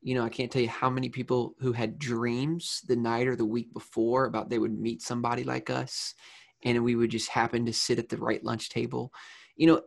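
Man, gravelly voice, casual chat, reflective, rambling, laughs between words. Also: medium pitch.

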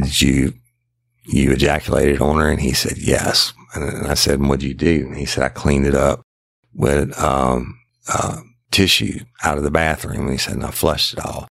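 A man's voice: very deep voice, fairly bright tone, no echo, clean studio sound. A middle-aged man, telling a past police case in a blunt, profane, casual podcast style and acting out the interrogation himself. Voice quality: gravelly, repetitive restarts. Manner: blunt, profane, acts out both sides of an interrogation. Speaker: retired detective telling a case.

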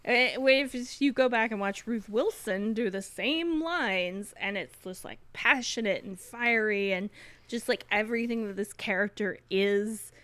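Woman, podcast co-host, forceful bright voice, emphatic and laughing, dry recording. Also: medium pitch, unhurried, dry recording. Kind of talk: casual chat.

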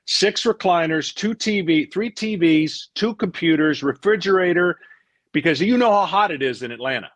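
A middle-aged man, a former pitcher, telling stories in a casual interview; he acts out what people said and often repeats words as he goes. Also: normal speed, dry recording. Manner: animated storyteller, acts out quotes, repeats words.

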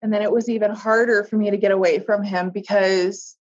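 A woman, a guest in a conversation, telling a personal story haltingly, with restarts and soft trailing pauses. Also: medium pitch, steady tone, muffled recording.

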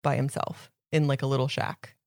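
A woman's voice: a bass voice, flat delivery, moderate pace, creaky, a little mellow, no echo, clean studio sound. A woman co-hosting a podcast in casual, enthusiastic chat, often laughing. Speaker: podcast co-host.

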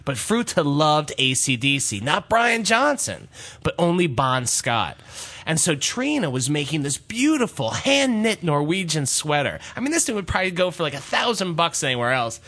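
A man's voice: on the high side, sing-song, normal speed, pushed and bright. A middle-aged man telling a comic story in casual talk, jokey and self-deprecating, often laughing. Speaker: podcast co-host.

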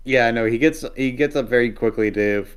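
A man's voice: medium pitch, fairly quick, smooth. A man co-hosting a casual podcast chat, mostly giving brief agreements and dry quips. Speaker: podcast co-host.

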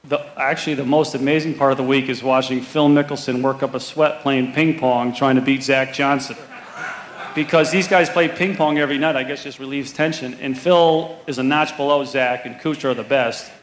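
Give me a quick, self-mocking man telling a caddie story in an echoey room. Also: mid-range voice. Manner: animated anecdote teller, quick and self-mocking. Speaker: tour caddie. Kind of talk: storytelling interview guest.

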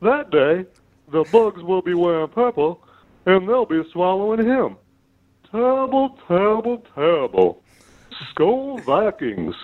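A man from Texas leaving a voicemail while putting on a loud, boastful basketball-pundit voice that repeats words for emphasis. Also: high voice, sing-song, unhurried. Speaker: caller. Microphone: phone voicemail. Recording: tinny voicemail phone line.

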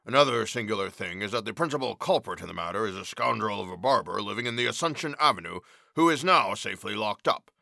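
Older male police official , read by a man: low, slow, unhurried, with a changed tone. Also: expressive, gravelly, bright, forceful tone, no room sound, studio quality, heavily acted. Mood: calm. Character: short-sighted older male police official, gray whiskers. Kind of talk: storybook reading.

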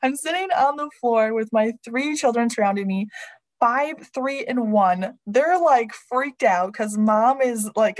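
Laughing frequently as she speaks, a woman in her thirties shares an expressive personal story, bringing her inner voice to life. Her voice sits on the high side, and the recording quality is low.

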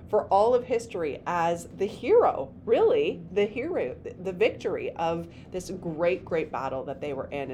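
Woman reading scripture with animated flair. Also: lowish voice, slight background noise. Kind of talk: Bible reading and discussion.

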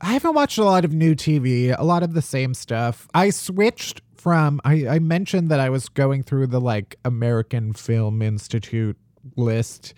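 A young man co-hosting a podcast in casual chat, animated and joking. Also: medium pitch, unhurried, no echo. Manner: animated, joking, mocks old film voices. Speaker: podcast co-host.

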